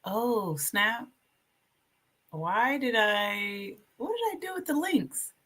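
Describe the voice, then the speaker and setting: A woman hosting a casual livestream, chatty and animated, reading aloud from her notes while sharing her screen. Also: on the high side, slow pace. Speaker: livestream host.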